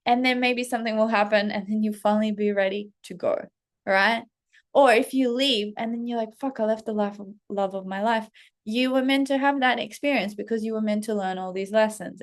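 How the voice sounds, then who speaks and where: A woman hosting her own spiritual channel, talking casually to camera in a candid, chatty way, swearing freely, leaning on "like", and slipping into quick acted quotes. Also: mid-range voice. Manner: animated, slips into acted quotes of herself and others. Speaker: spiritual coach and channel host. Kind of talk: casual unscripted monologue to camera.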